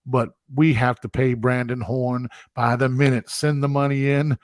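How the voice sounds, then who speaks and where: A man hosting a live stream, reading viewer comments and giving excitable, effusive shout-outs. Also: medium pitch, moderate pace, dry recording, studio quality. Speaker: host.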